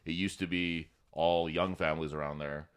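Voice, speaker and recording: A man's voice: low voice, fairly even intonation, normal speed, clear, resonant tone. A man co-hosting a podcast, telling stories in casual chat, swearing and laughing often. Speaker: podcast co-host.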